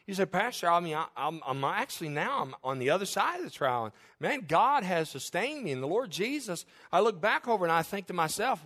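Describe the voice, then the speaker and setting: A man preaches a sermon with a voice set a little above the usual male pitch. He moves between quiet, confiding asides and loud, rising declarations, with a chuckle slipping in here and there. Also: very animated, fairly quick, few pauses. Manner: fervent, swings from soft to loud, with chuckles. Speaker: pastor.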